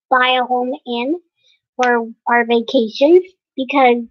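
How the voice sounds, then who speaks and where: A young woman vlogging casually to camera, hesitant and pausing often with fillers. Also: fairly high pitch, no echo. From United States. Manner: hesitant, many fillers and pauses. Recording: dry, dull lo-fi sound.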